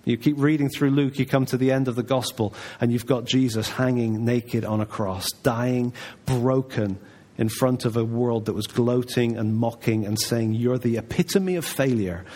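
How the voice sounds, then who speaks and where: A man's voice: mid-range voice, level tone, normal speed. A man preaching a sermon in a church, talking in a conversational, emphatic way. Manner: conversational, emphatic, voices God's replies softly.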